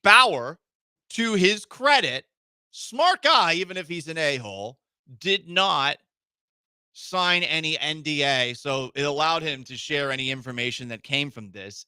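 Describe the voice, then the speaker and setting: A man hosting a casual sports talk radio show, joking and animated, with sudden emphatic jumps. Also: a little high, unhurried, clean tone, no echo, studio quality. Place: radio studio.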